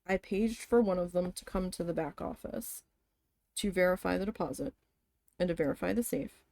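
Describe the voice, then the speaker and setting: A woman's voice: on the low side, moderate pace. A woman telling a story casually as she vents about an old job, swearing and acting out what people said. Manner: venting, animated, swears, acts out quoted voices. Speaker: vlogger. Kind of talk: casual storytime while embroidering.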